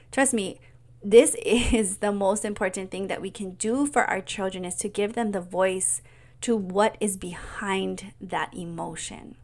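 A middle-aged woman mentor speaking in an earnest, soft-spoken personal monologue, often dropping to a whisper. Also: medium pitch, creaky. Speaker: mentor and coach.

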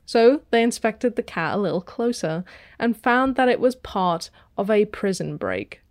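A woman's voice: mid-range voice, sing-song, unhurried, no room sound, clean studio sound. Playful woman podcast storyteller. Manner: playful, laughs often, reads stories aloud. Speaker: podcast co-host. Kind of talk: casual storytelling chat.

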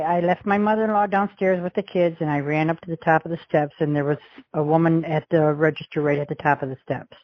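On a dry, dull-sounding recording, a middle-aged woman with a fairly low voice describes a past event as an interview witness. She rambles as she goes and performs the lines of dialogue she quotes.

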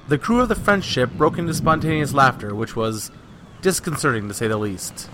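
A man reading a comic captain's log in a crisp, deadpan narration. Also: medium pitch, moderate pace, a little hiss or hum. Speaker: reader.

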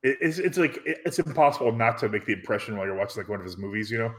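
A man's voice: medium pitch, racing. Laid-back young man, casual podcast chat. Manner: relaxed, filler-heavy, wry. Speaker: podcast co-host.

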